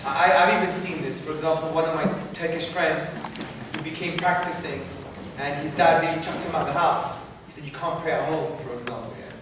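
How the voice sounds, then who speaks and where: A man answering student questions in a university lecture hall, animated and often checking in with "yeah?". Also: a little high, brisk. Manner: animated, repeats "yeah?" to the audience. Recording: very echoey hall, noisy, from far off.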